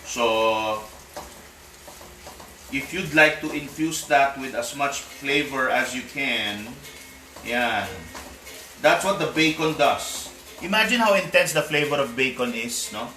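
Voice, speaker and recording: This live-streamed cooking chat features a Filipino-accented man who weaves Tagalog into his English. His mid-range voice is expressive, bright and forceful, and he takes it slowly, pausing often. He's far from the mic in an echoey room, with slight background noise and faint music.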